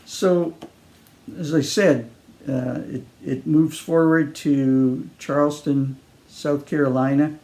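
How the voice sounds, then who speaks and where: A man with a gravelly, mellow voice reading from his own book at a library event. He talks through it in a loose, halting way, stopping to explain as he goes. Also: on the high side, steady tone. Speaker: author. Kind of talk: reading his novel aloud.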